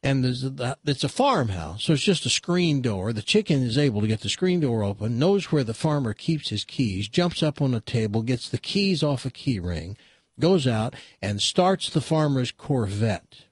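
A man's voice: medium pitch, big pitch swings, normal speed, slightly rough, no echo. A man hosting a radio talk show, telling a long joke in a chatty way with stammered restarts. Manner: chatty, stammering restarts, laughs at own punchlines.

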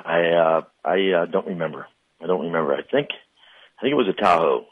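A man's voice: sits low, lively intonation, fairly quick, husky, no echo, narrow, tinny audio. A man, a car dealer on a radio show, chatting enthusiastically and teasing the host. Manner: enthusiastic, teasing, repeats words. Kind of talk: casual radio chat.

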